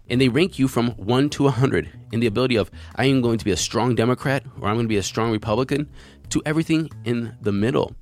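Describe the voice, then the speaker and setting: A man's voice: medium pitch, creaky. A man hosting a crypto news show, reading out articles and giving his opinion in a conversational, earnest way.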